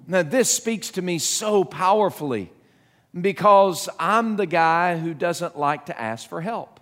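A middle-aged man preaching a sermon as pastor, earnest and halting, often restarting and asking the listeners questions. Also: high-pitched, expressive, a bit bright. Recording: long hall reverb.

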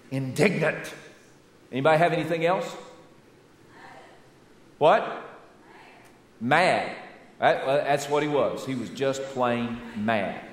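A Southern American pastor preaching a folksy, animated sermon full of rhetorical questions. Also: male voice, fairly high pitch. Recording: echoey church hall.

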